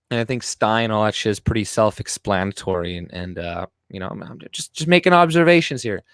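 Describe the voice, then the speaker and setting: A man's voice: fairly low pitch, very animated, moderate pace, gravelly, fairly bright tone, no echo, studio quality. A young man whose first language is French, hosting a casual livestream and reading chat comments aloud in a sarcastic, profane rant. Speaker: livestream host.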